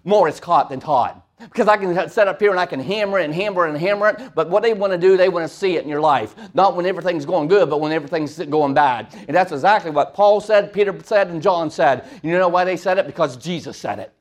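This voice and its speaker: A man's voice: high-pitched, quick pace, hardly any pauses. Man preaching to a congregation. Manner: conversational, asks the congregation questions. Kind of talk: sermon.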